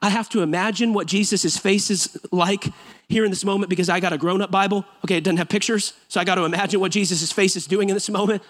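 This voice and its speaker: A man's voice: sits high, steady tone, fast talker, a bit bright. A man preaching a sermon in a church, emphatic and conversational, with touches of humor. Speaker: pastor. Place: church sanctuary.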